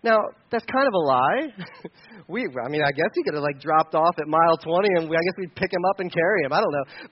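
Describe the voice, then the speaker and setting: High-voiced pastor telling a story. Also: male voice, fast, dull audio. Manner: animated storytelling with many restarts. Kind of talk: sermon with a personal story.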